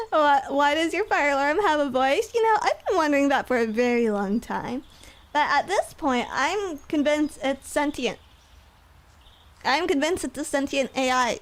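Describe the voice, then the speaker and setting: A young woman streaming casually, talking in a playful, giggly, rambling way. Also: a little high. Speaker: VTuber streamer.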